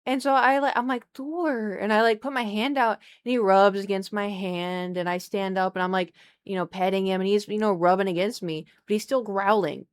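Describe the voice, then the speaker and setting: A young woman streaming from home at her desk mic, telling a long story in a chatty, animated way and breaking off to talk to her cat. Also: medium pitch, moderate pace, few pauses, clean tone. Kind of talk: casual storytelling to live chat. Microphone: desk microphone.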